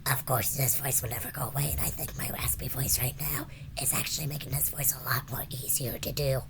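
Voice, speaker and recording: A woman putting on a character voice called Felix, a low, raspy, whispering figure. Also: steady tone, a little fast. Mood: eerie.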